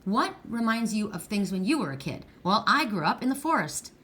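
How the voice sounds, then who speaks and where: Middle-aged lady doing a card reading, rambly and emotional, kinda teary, mid pitch. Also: sing-song, brisk, a bit bright. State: tearful at times. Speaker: tarot card reader. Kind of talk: pick-a-card reading monologue.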